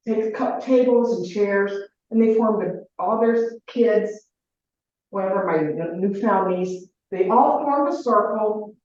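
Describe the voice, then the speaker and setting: A woman in her sixties from Ohio, telling a personal family story in a rambling, halting way with many restarts. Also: mid-range voice, darkish tone. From Ohio, United States. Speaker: caller sharing her story. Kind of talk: personal storytelling in a group call. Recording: very echoey, distant, muffled.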